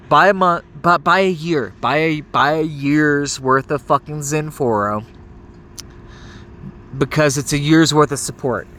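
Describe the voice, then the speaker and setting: A young man leaves a rambling, profane voice message scolding someone, stammering and restarting his sentences as he gets heated. His voice is on the high side and sharp, with a little hiss or hum in the recording.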